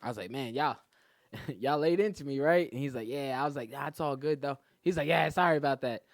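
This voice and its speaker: A man's voice: mid-range voice, a little fast, no echo, studio quality. A man, a comedian guest on a podcast, telling a story in casual talk, acting out what other people said and laughing often. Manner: animated, acts out other people's lines, laughs a lot.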